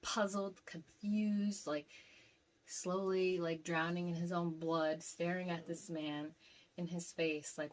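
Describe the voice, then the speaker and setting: A young woman casually telling a dream to camera, rambling with lots of fillers and getting animated as the story goes. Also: lowish voice, slow. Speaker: vlogger recounting a dream.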